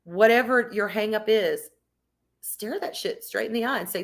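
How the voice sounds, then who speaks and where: A woman's voice: medium pitch, moderate pace. A woman streamer chatting casually and reading out her viewers' comments, candid and emphatic, swearing freely. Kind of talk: casual livestream chat.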